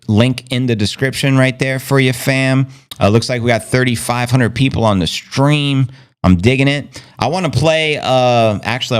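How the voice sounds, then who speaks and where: A man's voice: fairly low pitch, smooth. A man hosting a live stream, chatting casually and reading viewers' comments aloud. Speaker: livestream host. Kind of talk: casual livestream chat.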